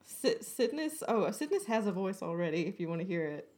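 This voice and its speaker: Giggly woman with a husky voice. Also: medium pitch, very animated, fairly quick, darkish tone. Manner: giggly, bubbly. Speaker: guest streamer. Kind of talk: casual chat.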